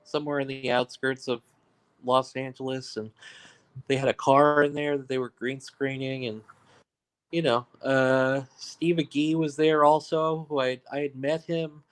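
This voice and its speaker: Joking New York filmmaker telling stories. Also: male voice, mid-range voice, flat delivery, a little slow, smooth. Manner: joking, ball-busting, laughs at own stories. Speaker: guest filmmaker. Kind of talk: casual interview storytelling.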